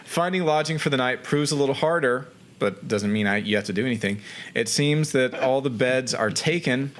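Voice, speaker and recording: A man's voice: mid-range voice, moderate pace. A man running a tabletop game as game master, reading the scene aloud and making wry jokes about the rules. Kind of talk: narrating a tabletop game with joking asides.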